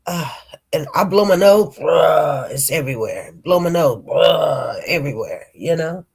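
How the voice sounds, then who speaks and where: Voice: mid-range voice, very animated, normal speed, husky. A livestream host chatting casually with viewers and greeting them by name, congested from a cold and rambling between topics. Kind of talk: casual chat.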